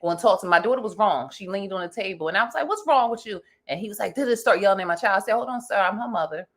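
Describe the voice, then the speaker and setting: A woman's voice: mid-range voice, lively intonation, very fast. A woman, co-hosting a casual chat show, talking heatedly and cutting in over her co-host. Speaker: podcast co-host.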